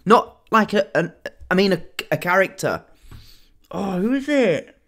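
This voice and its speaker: Reaction host, bright and lively, laughs often. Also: medium pitch, measured pace. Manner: animated, laughing, chatty. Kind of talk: reaction commentary.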